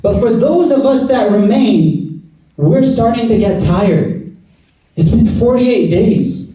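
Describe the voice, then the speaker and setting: Man preaching a Friday sermon, fairly high, mellow voice, earnest and exhorting, big echoey hall, mic set back. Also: lively intonation, slow pace, far from the mic. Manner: earnest, exhorting, rhetorical repetition. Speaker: imam giving Friday sermon. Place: mosque prayer hall.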